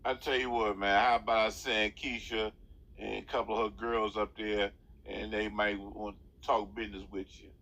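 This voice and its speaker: A man's voice: fairly low pitch, little pitch movement, moderate pace, fairly bright tone. A man hosting a comedic phone call, trading mocking, laid-back street talk with the caller. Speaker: host.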